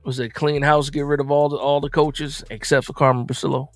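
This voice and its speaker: A man's voice: on the high side, level tone, brisk, no echo, soft background music. Emphatic man hosting a football stream. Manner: conversational, emphatic, repeats phrases. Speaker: livestream host reading chat. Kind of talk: casual football recap livestream.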